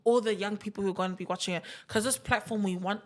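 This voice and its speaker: A woman's voice: mid-range voice, fairly even intonation, fast. A woman hosting a casual podcast, chatty and giggly, with slangy asides. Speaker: podcast host.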